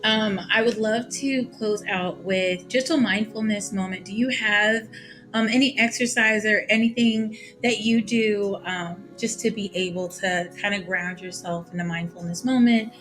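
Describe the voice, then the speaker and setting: A chatty woman hosts a podcast, affirming her guest with frequent fillers as she talks. Her voice sits at an average pitch, and faint music runs in the background. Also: normal speed. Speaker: podcast host. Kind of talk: podcast interview.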